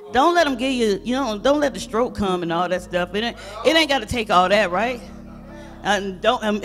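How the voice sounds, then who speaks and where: Woman guest preacher, animated testimony, bright, forceful delivery, echoey church hall, faint music behind. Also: medium pitch. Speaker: guest speaker. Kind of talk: sermon testimony.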